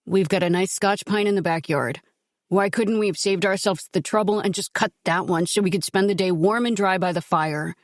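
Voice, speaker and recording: A wry male doctor and teasing husband, gruff and dry in his complaints, as a woman narrator reads him. She barely changes her own voice for him. The storybook recording is close and dry. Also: medium pitch, normal speed, no echo, natural voice.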